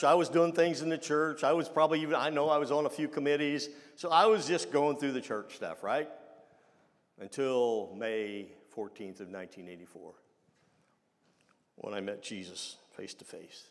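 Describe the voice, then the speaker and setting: A man delivers a sermon in a chatty, halting way, often restarting his sentences. His voice sits at a middle pitch. It rings out with the long reverb of a church sanctuary. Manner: conversational, halting with many restarts. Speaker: pastor.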